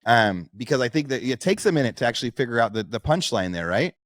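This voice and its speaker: A man's voice: medium pitch, lively intonation, fast, no echo, studio quality. A middle-aged man co-hosting a podcast, chatting casually and telling anecdotes with acted-out quotes. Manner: storytelling, acts out quoted voices. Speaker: podcast co-host. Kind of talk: casual chat.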